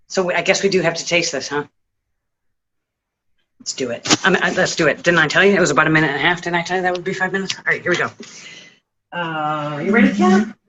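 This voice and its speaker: A man's voice: fairly high pitch, steady tone, fast, pauses often, pushed and bright, muffled recording, a little hiss or hum. A man chatting casually through a home cooking vlog, making joking asides and talking to his cat in his kitchen. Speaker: home cook vlogger.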